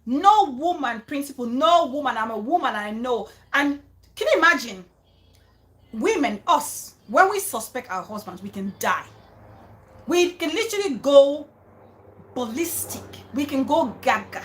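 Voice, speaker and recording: A woman hosting a casual commentary vlog, animated and emphatic, who repeats her key phrases and turns soft and coaxing when she speaks to her child. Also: high voice, unhurried. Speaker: vlogger and show host.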